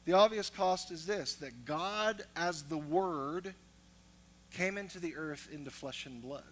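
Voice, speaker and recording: A man's voice: on the high side, unhurried, a little hiss or hum, low-quality recording. A man preaching a sermon as pastor, moving from storytelling to emphatic teaching.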